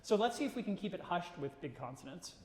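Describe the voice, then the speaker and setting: A man coaching a singer in a live masterclass, casual and animated, breaking into sung phrases to show what he means. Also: a little high, fast talker. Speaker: voice teacher leading a masterclass. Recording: roomy hall reverb.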